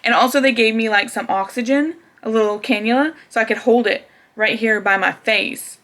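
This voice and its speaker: A woman's voice: a little high, moderate pace, a bit bright. A young woman casually telling a personal story to camera, chatty, with frequent laughs and fillers. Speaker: vlogger.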